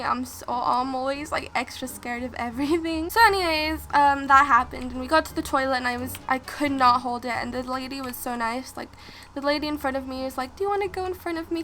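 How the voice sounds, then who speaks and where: A woman's voice: high voice, bright, forceful tone, a little hiss or hum. A woman vlogger telling a story in a chatty, rambling way with lots of restarts while playing a game. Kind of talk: casual storytime while gaming.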